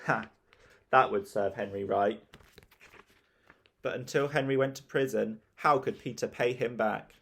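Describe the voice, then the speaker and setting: A man narrating a children's storybook in a lively, expressive reading. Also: medium pitch, unhurried, pauses often, breathy edge. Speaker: audiobook narrator.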